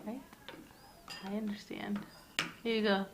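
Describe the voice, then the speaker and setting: Slow, playful mother coaxing her toddler. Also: mid-range voice, level tone, background noise. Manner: playful and coaxing, laughs often. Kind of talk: talking to a toddler at mealtime. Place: home, at the table. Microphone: home camera.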